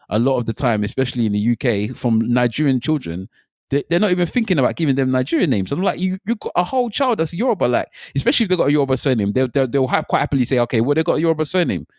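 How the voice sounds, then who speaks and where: A man co-hosting a podcast in casual chat, animated, repeating himself and laughing often. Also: mid-range voice, no room sound, clean studio sound. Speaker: podcast co-host.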